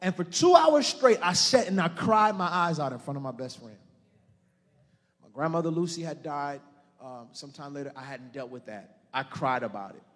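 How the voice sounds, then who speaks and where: High-voiced man pastor, sermon, goes hushed then loud, big echoey church. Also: very animated, normal speed. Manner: storytelling, drops to a hushed murmur then builds to loud preaching. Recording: long reverb of a church hall.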